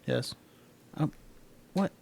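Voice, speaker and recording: A man's voice: extremely slow, crowd noise. A man co-hosting a sports podcast, rambling and joking with many fillers. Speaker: podcast co-host. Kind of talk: casual chat.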